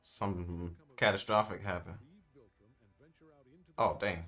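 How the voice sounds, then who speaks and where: A man's voice: low-pitched, steady tone, slow, sharp tone. A young man co-hosting a reaction video, laughing and exclaiming in casual slang banter.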